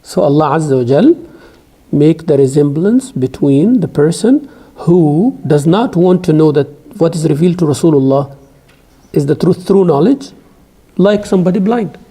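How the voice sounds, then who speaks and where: A middle-aged man teaching an Islamic studies class, emphatic and rising sharply on key points, reciting scripture in a rapid chant. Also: a little high, animated, dark tone, breathy edge. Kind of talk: classroom lecture.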